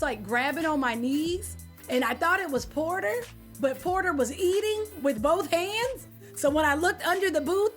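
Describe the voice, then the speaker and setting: A young adult woman streaming, chatting casually and animatedly with her viewers in slangy speech. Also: high-pitched. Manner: animated, slangy, talks to chat by name. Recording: faint music behind.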